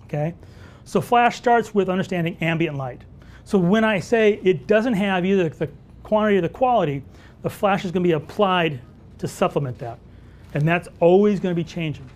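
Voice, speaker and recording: A man teaching wildlife photography at a live workshop, telling stories and answering audience questions in an animated way. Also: sits high, moderate pace. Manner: animated storyteller who acts out dialogue.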